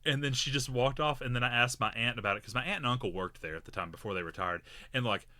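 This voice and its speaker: A man's voice: mid-range voice, fast talker, bright, forceful tone, no echo. A man co-hosting a podcast, telling a long story in a rambling, casual way with many fillers and restarts. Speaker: podcast co-host.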